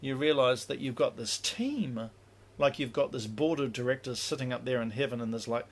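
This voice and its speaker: A man's voice: medium pitch, lively intonation, moderate pace. A man teaching spiritual practice in a casual livestream, rambling with many fillers and acting out inner dialogues.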